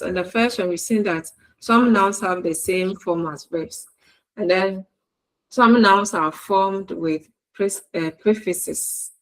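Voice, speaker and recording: Slow, deliberate woman lecturer. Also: on the low side, poor audio. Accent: Ghanaian English. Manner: slow, deliberate, repeating examples word by word. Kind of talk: recorded university e-learning lecture.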